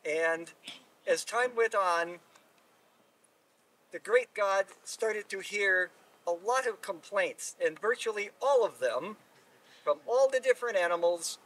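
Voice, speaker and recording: A man telling a folk tale aloud in an unhurried, relaxed way. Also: high-pitched. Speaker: storyteller. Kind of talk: live oral storytelling. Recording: distant mic at live telling.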